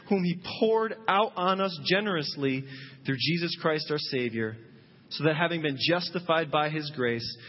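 A man preaching a sermon as pastor, earnest and imploring, rising to fervent calls. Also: fairly high pitch. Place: church sanctuary. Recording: muffled sound in a long-reverb hall.

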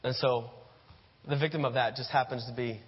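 A man's voice: mid-range voice, steady tone, normal speed, husky. A man giving a sermon, telling stories in the second person and acting out scenes. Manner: addresses listeners as "you", acts out scenes. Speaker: preacher. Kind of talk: sermon storytelling. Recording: dull echoey hall.

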